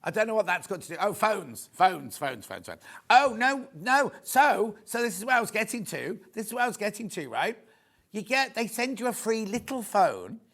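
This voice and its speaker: Gushing, lively man in a TV studio. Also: sits high, moderate pace. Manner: chatty, rambling, gushing asides. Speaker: shopping channel presenter. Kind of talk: live sales demo chat.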